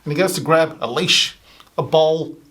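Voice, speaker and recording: A man's voice: a little high, normal speed, a bit bright. A male comedian telling a long storytelling bit, slipping into raised voices to act out the people in it. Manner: acts out other people's lines with a raised voice. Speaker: stand-up comedian. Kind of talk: storytelling stand-up.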